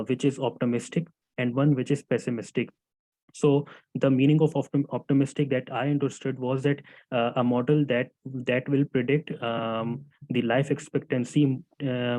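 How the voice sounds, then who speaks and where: Male student, mid-range voice, halting class presentation, dry sound. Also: medium pitch, fairly even intonation, dark tone, no room sound, poor audio. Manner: hesitant, many fillers and restarts; addresses teacher as sir.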